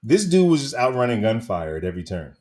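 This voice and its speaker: Animated man chatting on a podcast. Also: medium pitch, quick pace. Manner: animated, laughs often, acts out quotes. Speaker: podcast co-host. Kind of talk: casual movie review chat.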